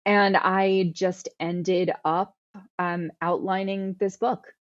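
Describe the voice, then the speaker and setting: A woman's voice: lowish voice, flat delivery, slow. Earnest woman on a dull line. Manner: earnest, self-correcting with repeated words and fillers. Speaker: guest author. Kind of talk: conversational interview answers.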